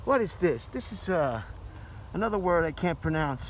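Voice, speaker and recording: A man's voice: high voice, big pitch swings, fairly quick, a little hiss or hum, poor audio. An older retired man rambling and joking as he films a casual walking vlog outdoors. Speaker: vlogger. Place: outdoors in an arboretum.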